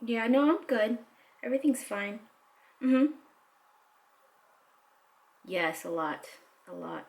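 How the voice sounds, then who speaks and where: A woman's voice: fairly high pitch, animated, slow, gravelly. A pregnant young woman talking in a casual video diary, rambling with restarts and laughter into a camera mic. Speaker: vlogger.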